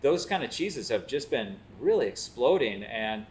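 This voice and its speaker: A man's voice: mid-range voice, normal speed, slight background noise. A man, hosting a food show and telling stories in casual chat, acting out the quotes as he goes. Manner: animated storyteller, acts out quotes.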